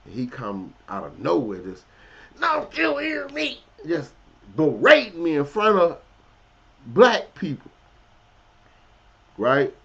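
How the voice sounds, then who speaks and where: A man telling a blunt, profane personal story in casual street slang, swinging between loud, heated outbursts and low, quiet asides. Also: big pitch swings, slow, pauses often, slightly rough. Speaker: commentary vlogger. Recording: dull, lo-fi audio.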